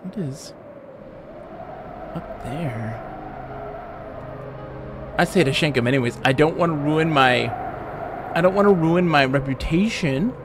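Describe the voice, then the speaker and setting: A man's voice: on the high side, a little slow, pauses often, heavy background noise. A man streaming a game live, chatting casually and joking with the characters on screen. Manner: rambling, jokey, talks to game characters. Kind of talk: casual live gameplay chat.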